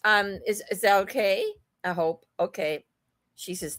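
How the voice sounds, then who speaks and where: A woman medium giving a live psychic reading in a slow, hesitant, gentle manner. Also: medium pitch, no room sound.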